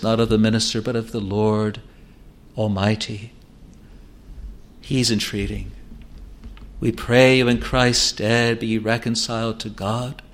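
A man's voice: medium pitch, fairly bright tone. A male preacher delivering an evangelistic sermon with earnest, pleading appeals.

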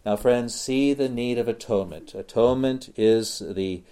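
A man preaching a sermon, slow and deliberate, repeating phrases for emphasis. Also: mid-range voice, mellow.

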